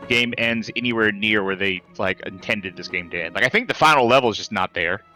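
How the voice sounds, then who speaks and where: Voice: medium pitch, a little fast, bright, forceful tone, soft background music. A co-commentator on a game stream, dry and teasing, chatting about the game. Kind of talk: casual let's-play chat.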